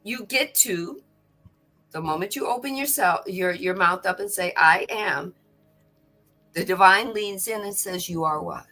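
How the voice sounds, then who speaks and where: Co-hosting a spiritual study livestream, a woman chats casually and expressively, repeating words and acting out quotes. Her mid-range voice is bright and forceful and a little slow, with faint music in the background.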